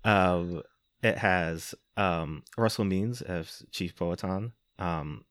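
A low-voiced man recaps a film for a podcast, loose and wry, with frequent "um"s and quick laughs. The sound is dry and close, with hardly any room around him. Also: a bit bright, dry recording. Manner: wry, laughing, filler-heavy. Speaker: podcast host. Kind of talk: casual movie recap.

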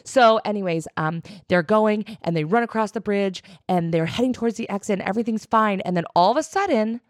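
A woman's voice: mid-range voice, animated, a little fast, no room sound, clean studio sound. A young woman co-hosting a podcast, recapping a chapter in a rambling casual way. She says "like" constantly and swears casually. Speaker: podcast co-host. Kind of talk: casual chat.

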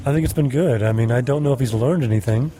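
A man's voice: medium pitch, fast talker, warm tone, slight background noise. A man interviewed as an actor on an indoor green-screen stage, answering hesitantly with many filler sounds. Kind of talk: casual behind-the-scenes chat.

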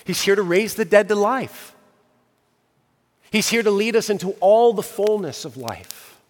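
A man preaching a sermon earnestly, building emphasis and slowing on key phrases. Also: sits high, lively intonation, big-room sound. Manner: earnest preaching with rising emphasis and slow pauses. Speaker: pastor.

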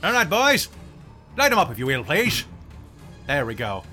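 A man voicing a floating, flaming skull that cackles and shouts taunts in a rough brogue. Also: high-pitched, animated, fairly quick, faint music behind, voice pushed up. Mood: gleeful.

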